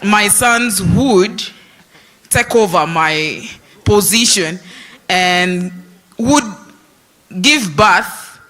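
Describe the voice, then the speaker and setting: A woman's voice: mid-range voice, expressive, a bit bright. A woman from Uganda, speaking hesitantly from the audience at a summit. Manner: hesitant, halting. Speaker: summit participant.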